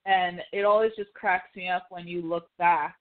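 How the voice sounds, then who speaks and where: A woman's voice: lowish voice, steady tone, normal speed. Chatty woman host on a tinny line. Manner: chatty, swears freely, acts out quotes. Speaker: podcast host. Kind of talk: casual pop-culture chat. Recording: tinny phone-like call audio.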